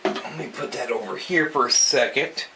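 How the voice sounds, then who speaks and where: A man's voice: mid-range voice, normal speed, noisy background. A man hosting a casual fish-keeping vlog, chatty and self-deprecating, talking through what he is doing as he goes. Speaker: fish-keeping channel host.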